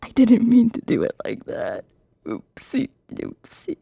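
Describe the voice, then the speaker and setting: A woman whispers through an ASMR script reading with giggly asides. Her voice is very breathy and mellow, with a gravelly edge, and the sound is dry and close. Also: a little high, huge pitch swings, a little slow, no echo. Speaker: ASMR streamer.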